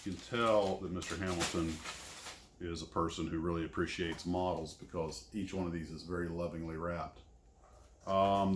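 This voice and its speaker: A man unboxing scale model kits in casual commentary, rambling and self-deprecating. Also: sits low. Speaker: scale model kit reviewer. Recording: echoey room, faint noise.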